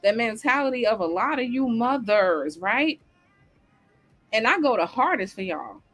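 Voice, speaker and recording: A woman's voice: a little high, lively intonation, measured pace, fairly bright tone, soft background music. A woman hosting a livestream talk show, ranting bluntly and heatedly with heavy swearing and answering the live chat. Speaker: host.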